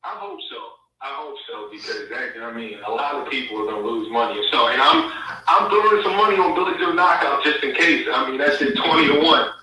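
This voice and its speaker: A man calling in to a sports show who talks in a relaxed, measured way with fillers. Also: mid-range voice, very echoey, far from the mic, poor audio. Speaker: caller. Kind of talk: casual phone-in chat.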